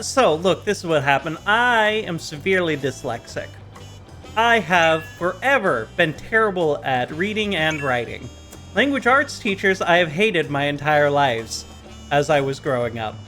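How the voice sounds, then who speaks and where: A man's voice: on the high side, lively intonation, measured pace, bright, forceful tone, soft background music. A young man co-streaming a game, teasing his partner and rambling through stories with lots of fillers. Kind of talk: casual live gameplay chat.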